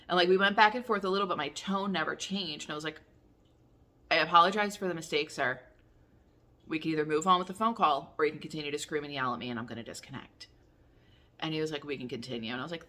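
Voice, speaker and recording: Chatty low-voiced woman vlogger, bright tone. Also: fast. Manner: chatty, rambling, candid with swearing. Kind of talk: casual chat to camera.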